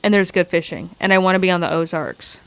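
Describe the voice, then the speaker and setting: A woman's voice: on the low side, quick pace, smooth, no echo. A woman hosting a casual livestream outdoors on a windy day, answering viewer chat in a loose, rambling and profane way, with many restarts, speaking close into a phone mic.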